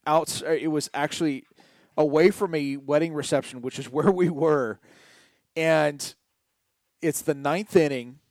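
A middle-aged man co-hosting a podcast, chatting casually about sports and telling stories with drawn-out, emphatic words. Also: a little high, no room sound, studio quality. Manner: animated storyteller, stretches key words. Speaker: podcast co-host.

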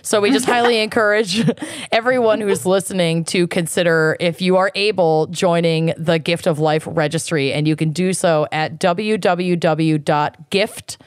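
A woman's voice: on the low side, steady tone, moderate pace, no echo, studio quality. A woman co-hosting a podcast, chatting and joking with friends, then earnestly reading a listener's plug for a cause. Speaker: podcast co-host.

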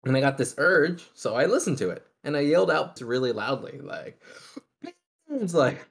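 A man's voice: mid-range voice, animated, fairly quick, gravelly. A young man telling a rambling, profane anecdote to friends over an online call. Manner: rambling anecdote teller, swears, does loud yelling voices. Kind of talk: casual chat with friends.

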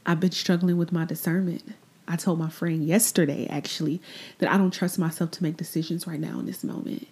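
Podcast host, woman with a warm, lowish voice; confessional, unhurried, drifts to near-whispers. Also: steady tone. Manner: candid, reflective, drifting into soft breathy asides; repeats phrases, trails off into pauses. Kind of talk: personal faith podcast monologue.

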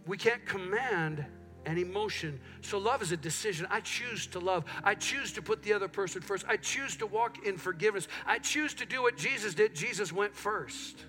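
A man's voice: high-pitched, normal speed, faint music behind. A middle-aged man preaching a sermon in a church, telling stories and acting out what people say. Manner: animated storytelling, acts out quotes. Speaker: pastor. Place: church sanctuary.

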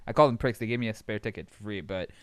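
Young guy from abu dhabi ranting about football, smooth resonant voice, dry close sound, swears a lot. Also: on the low side, quick pace, no room sound. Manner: animated, swearing, laughs while telling stories. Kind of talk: casual storytelling chat.

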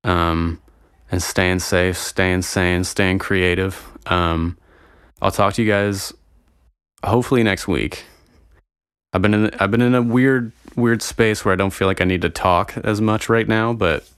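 A young man with a low voice talks loosely and profanely to his viewers, wandering off on tangents. The sound is dry and close, with no room around him. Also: steady tone, measured pace, a bit bright, smooth, no echo. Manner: rambling, profane, easily sidetracked. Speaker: vlogger. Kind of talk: casual solo chat to viewers.

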